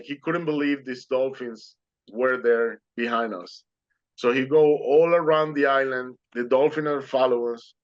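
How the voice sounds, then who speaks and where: Man, earnest storyteller, emotional, simple wording, middle-pitched voice, slightly dull lo-fi sound. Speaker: guest speaker sharing his near-death story. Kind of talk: heartfelt personal storytelling.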